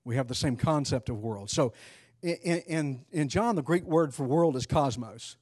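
Man teaching a Bible class, mellow voice. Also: medium pitch, animated, moderate pace, husky, no room sound, studio quality. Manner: conversational, quizzes the class, frequent restarts.

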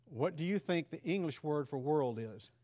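A man leading a Bible study class, talking casually and putting questions to the group. His voice is mellow and warm at a middle pitch. The recording is dry, with little room sound. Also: expressive, normal speed, no echo. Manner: conversational, quizzes the class, frequent restarts. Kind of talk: interactive Bible class teaching.

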